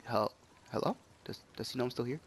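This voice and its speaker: A young man with a cold giving excitable, chatty commentary while playing a shooter game. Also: medium pitch, fairly quick, heavy background noise. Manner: excitable, yelps and trails into chatty stories. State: sick with a cold, coughing. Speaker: gaming YouTuber. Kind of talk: casual gameplay commentary. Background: game gunfire.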